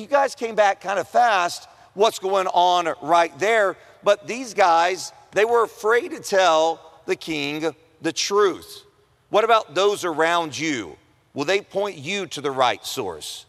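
Male preacher, casual and humorous, slightly high voice, long hall reverb. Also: a bit bright. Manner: conversational and humorous, acts out quoted voices. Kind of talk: sermon. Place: chapel or auditorium at a Christian school.

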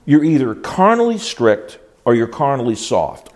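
An older man teaching a class on biblical counseling, folksy and emphatic, with frequent restarts. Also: measured pace. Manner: folksy, emphatic, with animated swoops in pitch and many restarts. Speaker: Bible teacher.

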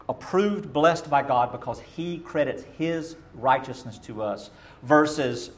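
Preaching a sermon as pastor, a middle-aged man with a mid-range voice speaks emphatically, swinging between loud bursts and quiet asides.

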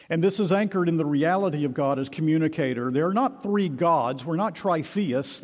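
A man preaching an expository sermon, emphatic and measured, slowing down to stress key words. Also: a little high, darkish tone. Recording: long hall reverb.

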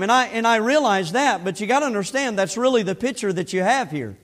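A preacher delivers his sermon in a conversational tone, with a strikingly high-pitched male voice. He repeats and restarts his phrases as he talks the congregation through scripture and a story. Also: lively intonation, brisk, hardly any pauses, fairly bright tone.

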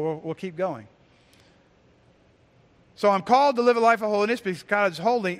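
High-voiced man preaching in a hall. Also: a bit bright. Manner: earnest, emphatic preaching with repeated phrases. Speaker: pastor. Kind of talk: sermon.

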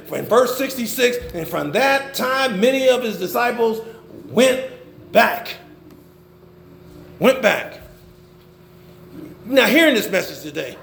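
An older man preaching a sermon, swinging between loud emphasis and low murmurs. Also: vocal fry, reverberant. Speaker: pastor.

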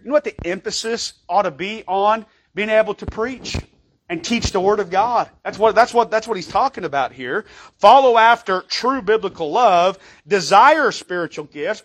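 A man preaching a sermon as pastor, emphatic and conversational, often asking the congregation for an amen and reading scripture slowly. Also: sits high, a bit bright. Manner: emphatic, calls for amens, reads scripture slowly.

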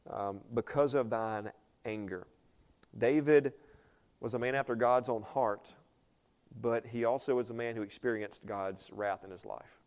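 With a mid-range, darkish voice, this pastor delivers his sermon conversationally. He asks the congregation questions and reads scripture in older English.

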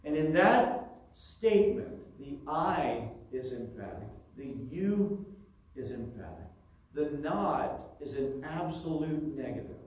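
A man with a fairly high voice preaches through a scripture passage, stopping often for asides. He sounds distant from the mic in a very echoey room. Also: expressive, takes it slowly, a little mellow. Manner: teaching verse by verse with asides. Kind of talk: expository sermon.

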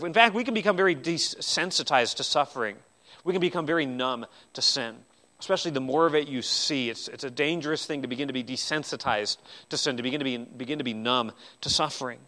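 A man preaching a sermon in an earnest style, swinging between loud, emphatic lines and quiet ones, and repeating words as he restarts. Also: a little high. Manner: earnest preaching with sweeping rises and drops in loudness. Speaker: pastor.

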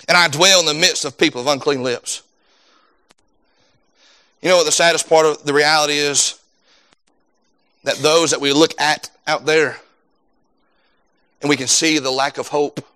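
A man preaching a sermon, swinging between loud rising peaks and low hushed passages.

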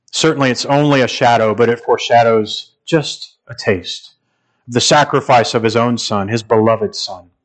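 An earnest male pastor delivers a sermon at a measured pace, letting pauses and repeated phrases carry weight. His voice sits at an ordinary middle pitch for a man and rises into emphatic passages when he presses a point.

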